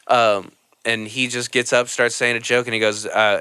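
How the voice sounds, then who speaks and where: A podcast host with a clean, medium-pitched voice at normal speed chats casually and tells stories, laughing often and acting out quotes in animated fashion. The sound is studio quality with no room sound.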